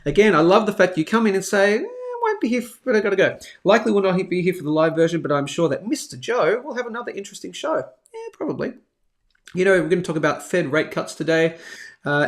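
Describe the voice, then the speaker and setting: With a slightly high, gravelly voice, this Australian host in his thirties runs a daily live stream about bullion. He keeps things casual, joking around and chatting as he reads viewers' comments aloud.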